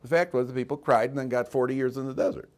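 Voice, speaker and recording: A rabbi teaching a Torah class to students in a classroom, acting out voices from the story and breaking off to speak to the students directly. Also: male voice, mid-range voice, fast. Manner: animated, acts out voices of people in the story.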